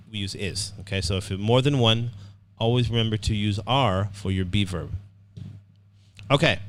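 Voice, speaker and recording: A man's voice: mid-range voice, fairly bright tone. A man teaching an online English writing class, upbeat, repeating words and often checking in with "okay".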